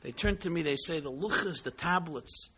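A man telling a story in a sermon, dramatic, swinging between hushed tones and exclamations, mixing in Hebrew and Yiddish terms. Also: fairly high pitch, moderate pace, husky. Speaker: rabbi teaching Chassidus. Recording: dull lo-fi recording.

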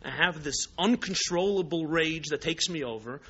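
A man's voice: a little high, moderate pace, a bit bright, slightly rough. A man voicing a remorseful grown man who cannot control his rage, pleading and apologizing. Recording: dull lo-fi recording.

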